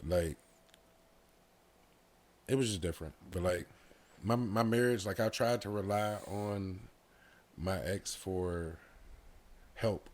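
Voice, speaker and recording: A man's voice: sits low, takes it slowly, pauses often. A man talking candidly as a podcast guest, telling a personal story in an open, heartfelt way with many casual fillers. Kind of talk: casual conversation.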